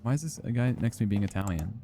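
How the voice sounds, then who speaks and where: A man's voice: lowish voice, expressive, fast talker, dark tone, faint music behind. Rambling young man streaming a game. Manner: rambling, joking, swears, lots of fillers. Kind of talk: casual gameplay commentary.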